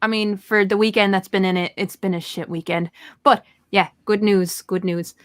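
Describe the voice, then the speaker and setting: A woman's voice: mid-range voice, fairly even intonation, moderate pace. A woman hosting a casual live chat show, bubbly and chatty, laughing often. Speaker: host.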